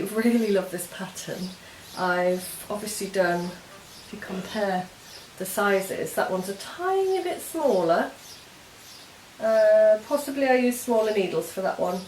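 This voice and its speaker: At normal speed and medium pitch, a darkish-toned woman hosts a knitting podcast, chatting informally about her projects. She explains them step by step, drifting as she goes, in a show-and-tell style. A roomy echo and faint hiss are present.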